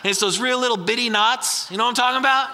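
A man in his thirties preaches with a very bright, forceful voice, keeping it casual and asking his listeners the same question again and again. He slows right down to land his key points. His words ring out with a long reverb, as in a large church hall. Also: extremely high pitch, vocal fry. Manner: conversational, repeats questions, slows down for emphasis. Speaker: pastor. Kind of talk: sermon.

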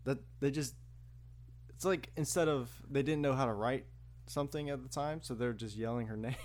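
A man's voice: mid-range voice, moderate pace, a little mellow. A man co-hosting a podcast, casually talking about a movie with his friend and laughing often. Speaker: podcast co-host. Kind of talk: casual movie review chat.

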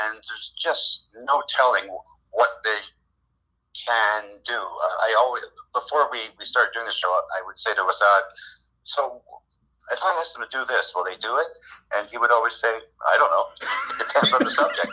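A man's voice: fairly low pitch, sharp tone, breathy edge, poor audio. A man chatting as a guest in an interview, with dry, self-deprecating humor and frequent chuckles. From Canada. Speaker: guest, improv comedian. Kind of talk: casual interview chat.

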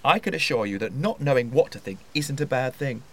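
A man's voice: medium pitch, animated, fairly quick, fairly bright tone. Man doing an eager yes-man type, always agreeing, voice bounces all over. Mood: agreeable. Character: agreeable man who sides with whoever spoke last. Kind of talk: comedy sketch dialogue.

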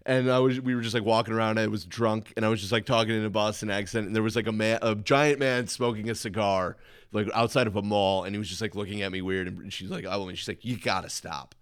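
A man's voice: fairly low pitch, fairly even intonation, fast talker, clean tone, dry recording, clean studio sound. A man co-hosting a podcast in casual comedic chat, telling stories in a laid-back way. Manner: laid-back storytelling with chuckles. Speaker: podcast co-host.

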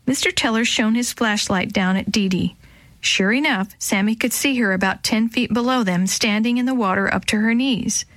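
A woman narrating a children's storybook, lifting her voice higher for the young characters' lines. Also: normal speed, a bit bright, no echo. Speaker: storybook reader.

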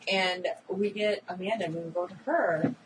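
A woman co-hosting a casual recap chat about a TV episode, animated and acting out characters' lines. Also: fairly low pitch, normal speed. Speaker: podcast co-host. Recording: distant mic with audible background noise.

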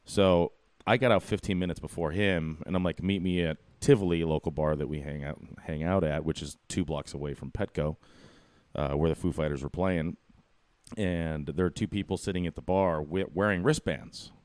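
A man casually telling a story about his bartending job, animated, acting out the quotes, with plenty of swearing. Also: deep voice, moderate pace, clean tone, no echo. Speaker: bartender and podcast guest.

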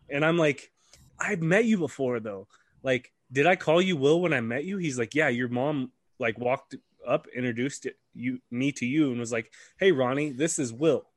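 A man's voice: mid-range voice, moderate pace, dry recording. A young man, a podcast co-host, telling a casual story with lots of swearing and acted-out quotes. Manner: animated, swears freely, acts out quoted voices.

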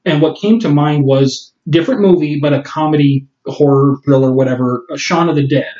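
Halting man in an echoey room. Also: a little high, warm tone. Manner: halting, restarts often, thinks aloud. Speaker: podcast co-host. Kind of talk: casual film discussion. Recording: echoey, dull lo-fi room sound.

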